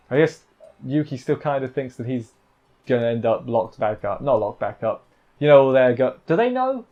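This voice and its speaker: A man's voice: mid-range voice, darkish tone, highs cut off. A man giving a casual, rambling recap of an anime episode, correcting himself and making playful asides. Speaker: anime reviewer.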